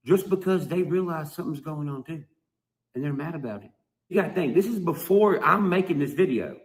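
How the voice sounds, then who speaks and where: Heated, profane man with a raised pitch. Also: expressive, brisk. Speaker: musician vlogger. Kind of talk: ranting video monologue.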